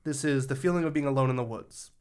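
A woman's voice: rumbling low, fast, a little mellow. A woman from Ireland co-hosting a podcast in casual chat, reading out foreign words and sometimes stumbling over how they are said. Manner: playful, laughs mid-sentence. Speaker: podcast co-host.

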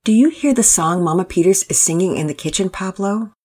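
A woman's voice: medium pitch, lively intonation, a little fast, a little mellow, breathy edge. A woman doing a patient, firm storybook father.

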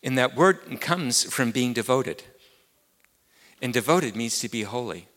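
A man's voice: mid-range voice, animated, unhurried, a bit bright, in a large hall. A man with an English accent preaching a sermon as pastor, earnest and repeating key words, climbing to emphatic peaks.

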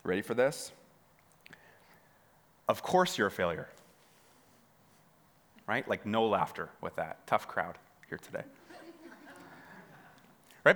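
In a church hall with a long reverb tail, a pastor preaches slowly with a lowish, slightly bright voice, big pitch swings and frequent pauses. He repeats words in stammering restarts and asks the congregation questions directly.

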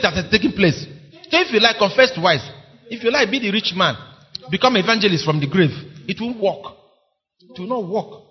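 High, animated preacher. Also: male voice, normal speed, husky. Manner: impassioned, pleading, repeats phrases for emphasis. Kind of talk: sermon. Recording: dull lo-fi recording.

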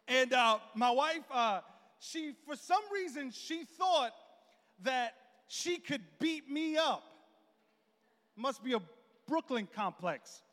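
A man in his thirties preaching in a church, telling a comic story with animated, jokey delivery and acted-out quotes. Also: very high-pitched, slow, pauses often. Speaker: pastor. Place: church hall. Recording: long reverb in a large hall.

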